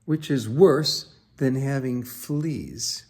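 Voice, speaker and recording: A man's voice: medium pitch, lively intonation, very slow, vocal fry, exaggerated voice. A man voicing a blunt cat in a children's picture book, dry and pointed. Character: blunt cat, proud of being nice.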